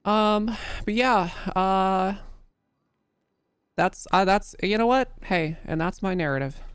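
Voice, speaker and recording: A woman's voice: mid-range voice, takes it slowly, smooth, dry recording, clean studio sound. A woman testifying in character as an undersheriff during a role-play court case, telling her account in a loose, rambling way full of restarts and fillers.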